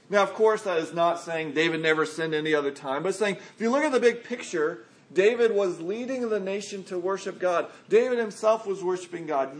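A man preaching a sermon earnestly, acting out quotes from scripture. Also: fairly high pitch. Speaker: pastor.

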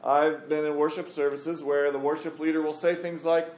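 Bible study teacher, man, slightly high voice, echoey room, talks with a group. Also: flat delivery, brisk, few pauses, darkish tone. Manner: conversational, emphatic, asks the group questions.

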